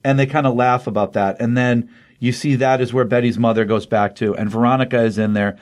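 A middle-aged man chats casually on a podcast he co-hosts, recapping comic storylines with many fillers. His mid-range voice is brisk and a little mellow, with fairly even intonation.

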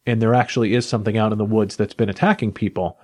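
A man's voice: fairly low pitch, steady tone, fast talker, darkish tone. A man casually recapping a comic book plot in a rambling way, with frequent restarts.

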